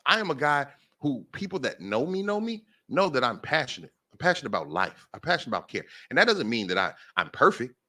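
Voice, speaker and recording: A man's voice: mid-range voice, very animated, fast, hardly any pauses, bright, forceful tone. A man hosting a talk show, delivering an impassioned monologue and repeating phrases for emphasis. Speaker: podcast host.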